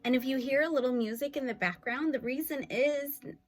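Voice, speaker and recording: A woman's voice: high-pitched, a little fast. A woman teacher explaining poetry in a video lesson, upbeat and explanatory, tapping out beats as she goes. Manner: clapping out syllables, upbeat and explanatory. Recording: faint music in background.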